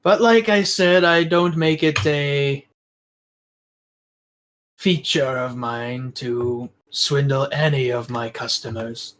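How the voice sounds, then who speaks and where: A man voicing a shrewd little male kobold jewel merchant who haggles with smooth, mock-courteous politeness. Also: medium pitch, slow pace, fairly bright tone. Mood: amused.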